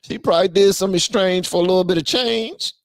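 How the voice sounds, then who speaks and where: A man hosting a live stream who rants with a lot of energy and reads viewers' chat aloud. He swings between shouting and low muttering. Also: fast talker, dry recording, clean studio sound. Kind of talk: ranting commentary and reading chat on a live stream.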